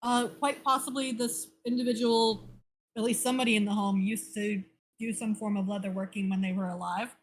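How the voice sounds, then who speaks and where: A woman's voice: medium pitch, steady tone, fairly quick, rough recording. A woman narrating a tabletop game as game master, casual with laughing asides.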